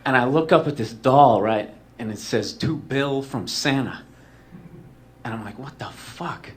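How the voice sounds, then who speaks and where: A man's voice: medium pitch, measured pace. A male comedian telling a long story as a talk show guest. He rambles, swears freely and mocks himself. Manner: profane, rambling, self-mocking.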